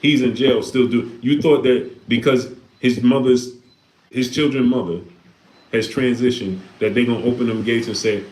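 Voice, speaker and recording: Medium in pitch with a darkish tone, this man speaks at a moderate pace. He hosts a livestream, reading Super Chats, chatting casually and preaching through repeated rhetorical questions; the room is echoey.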